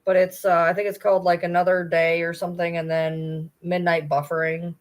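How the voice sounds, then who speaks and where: Speaking briskly in a flat, fairly low voice, this woman makes casual livestream chatter. Her talk wanders, she stops to coo at her dogs, and she's blunt with the occasional swear word.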